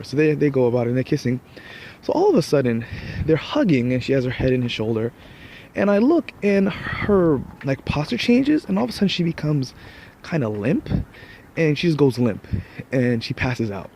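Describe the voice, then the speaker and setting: A man's voice: medium pitch, normal speed, a little mellow, slight background noise. A man casually telling a long personal story, rambling and restarting his sentences, now and then laughing at himself. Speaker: vlogger.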